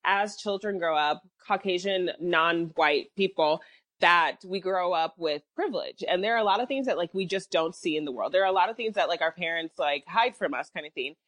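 A woman co-hosting a casual chat podcast, talking in a relaxed, thoughtful way. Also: fairly low pitch, fairly quick, dry recording. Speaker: podcast co-host.

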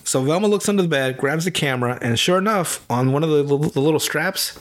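A man's voice: on the high side, expressive, quick pace. A man co-hosting a podcast, casually recapping a show, rambling and swearing, acting out the characters' lines in mock voices. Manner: rambling, profane, acts out quotes in mock voices. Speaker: podcast co-host.

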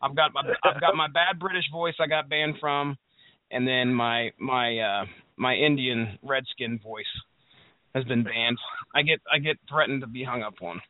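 A man's voice: medium pitch, moderate pace, no room sound. A man co-hosting an album review show, chatting casually in a rambling, profane way with frequent laughs. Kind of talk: casual radio banter. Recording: tinny phone-like dry sound.

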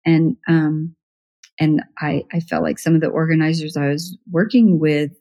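A middle-aged woman telling her story as a guest in a casual interview, chatty and animated, acting out what others said with little laughs. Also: low voice, normal speed. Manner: chatty, animated, acts out quoted voices with laughs. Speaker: professional organizer, podcast guest.

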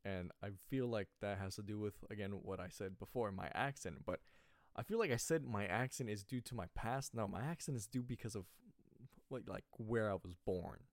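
Speaking at a moderate pace in a voice on the low side, a Californian man rambles through a casual monologue on his small solo podcast. His speech is a little slurred and lazy, and he keeps correcting himself. The sound is clean and dry, like a studio.

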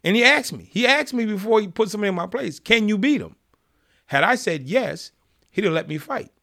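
High-voiced man telling a story. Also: animated, fast, gravelly, pushed and bright. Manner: vivid storyteller, acts out quotes. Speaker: guest, former prisoner. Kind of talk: casual storytelling interview.

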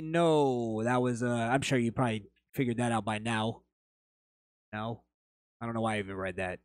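A man's voice: mid-range voice, no echo, clean studio sound. A man hosting a podcast, reading chat comments and telling rambling stories in a blunt, profane, casual way. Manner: blunt, swears freely, rambling anecdotes.

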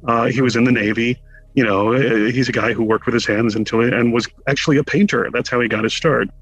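A man from Connecticut, a guest in an interview, telling a lively anecdote with wry humor and acting out the quotes. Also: medium pitch, a little fast, dull audio. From Connecticut, USA. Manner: animated storyteller who acts out quotes with wry humor. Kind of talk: casual anecdotal storytelling.

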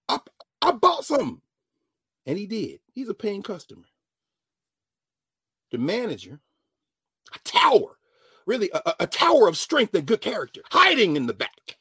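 A man, a professor telling a story in an animated lecture and acting out the dialogue. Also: breathy edge, no room sound, studio quality. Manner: dramatic, acts out dialogue, swings from low mutters to loud exclamations. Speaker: professor hosting a class-style show.

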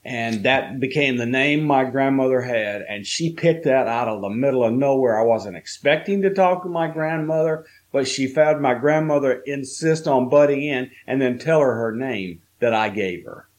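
Male guest from the American South, mid-pitched, unhurried storyteller who stops and restarts. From Southern United States. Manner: slow, halting storytelling with fillers. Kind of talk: telling a personal story in a podcast interview.

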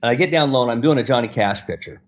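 A middle-aged man and portrait photographer telling a story in an animated way, acting out the other people's lines and laughing often. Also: mid-range voice, racing. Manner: acts out quoted voices and laughs often. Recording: dull lo-fi sound.

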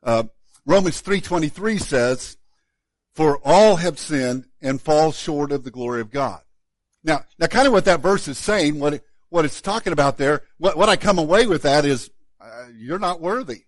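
A man, a pastor, preaching a sermon in a relaxed, conversational way, often repeating words as he restarts a thought. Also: on the high side, normal speed, no room sound.

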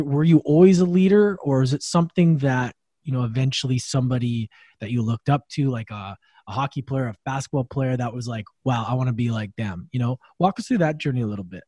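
Man, interview host, casual rambling chat, says bro, mid pitch, dry sound. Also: warm tone, no room sound. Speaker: podcast host.

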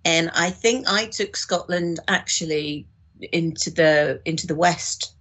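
A woman's voice: lowish voice, unhurried, a bit bright, slightly rough. A woman, an audiobook director, explaining her work in a casual discussion with frequent restarts. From United Kingdom.

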